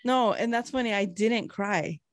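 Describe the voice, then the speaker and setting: A woman's voice: mid-range voice, unhurried, no echo, studio quality. A young woman co-hosting a podcast in casual chat, rambling through stories and laughing often. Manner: giggly, rambling storyteller who laughs often. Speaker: podcast co-host.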